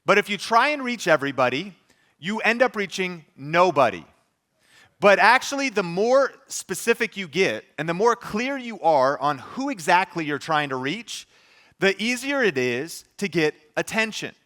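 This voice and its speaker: A man host giving an energetic, emphatic motivational talk to a live audience in a room, with quick asides to the crowd. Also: sits high.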